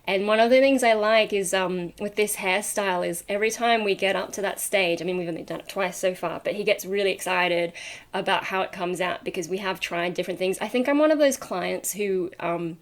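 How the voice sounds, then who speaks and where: A woman's voice: mid-range voice, brisk. A young adult woman vlogger chatting casually to camera, rambling off on tangents with lots of ums and likes and frequent laughs. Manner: chatty, laughs often while talking.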